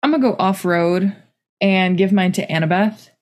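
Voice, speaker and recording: A woman's voice: mid-range voice, steady tone, normal speed. A young woman co-hosting a casual book chat, rambling with many "like" fillers and restarts. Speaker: podcast co-host.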